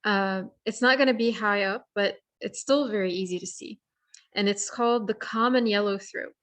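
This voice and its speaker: Woman, workshop presenter, middle pitch, friendly explanatory delivery, online lesson. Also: normal speed, fairly bright tone. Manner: friendly explanatory, with fillers and restarts. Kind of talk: virtual bird identification lesson. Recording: virtual program audio.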